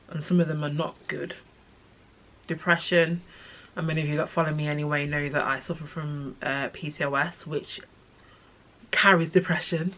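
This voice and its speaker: A young adult woman talking to camera about personal grief, soft and halting, often sinking to a near-whisper. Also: low-pitched. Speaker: vlogger sharing personal experience.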